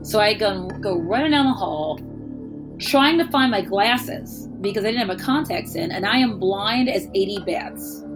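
A woman's voice: medium pitch, lively intonation, moderate pace. Woman telling a story, frank and wry, swears a lot, does everyone's voices, music playing behind. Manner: candid, wry and profane, acting out the voices of people in the story. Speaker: guest telling a personal story. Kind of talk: casual spoken storytelling.

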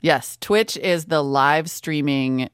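A woman co-hosting a chat podcast, upbeat and chatty with quick asides and playful sound effects. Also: deep voice, clear, resonant tone, no room sound, studio quality. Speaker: podcast co-host. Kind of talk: casual chat.

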